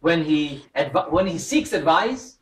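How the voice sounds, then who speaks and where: A man's voice: on the high side, lively intonation, a little slow. A man giving a religious talk as an imam to a congregation in a mosque hall, telling stories with humor and acting out the voices he quotes. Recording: roomy hall, voice from a distant mic.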